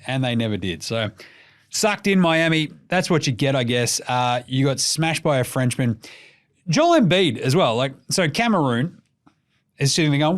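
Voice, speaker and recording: A man's voice: medium pitch, lively intonation, normal speed. A young man with an Australian accent recapping a basketball game, profane and jokey, often mimicking players and commentators. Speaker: basketball podcast host. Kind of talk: casual sports recap.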